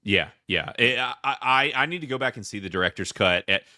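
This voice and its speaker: A man with a Southern US accent, hosting a casual movie review chat, animated and rambling with lots of restarts. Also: mid-range voice, fairly quick, dry recording, studio quality. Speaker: podcast host.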